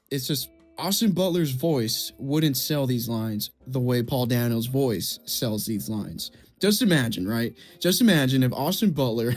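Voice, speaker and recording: A man's voice: medium pitch, a little mellow. A young man giving heated film commentary, swearing and repeating himself as he rants. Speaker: video essay creator.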